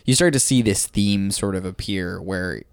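A man's voice: low voice, normal speed, gravelly, no room sound, studio quality. A man co-hosting a casual podcast, laid-back and slangy, swearing and laughing a lot. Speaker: podcast co-host.

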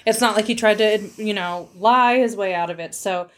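A woman's voice: mid-range voice, moderate pace, a bit bright. A young woman hosting a casual true-crime podcast, a chatty, giggly storyteller. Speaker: podcast host.

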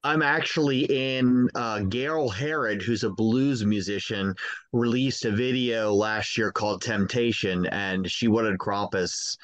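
A man talking casually as a guest, telling stories with animated delivery. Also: fairly low pitch, a little slow, no echo. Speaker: Krampus performer guest. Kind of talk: casual chat.

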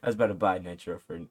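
A man's voice: deep voice, breathy edge. A young man co-hosting a podcast in casual chat, joking and giggling, often trailing off mid-sentence. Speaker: podcast co-host.

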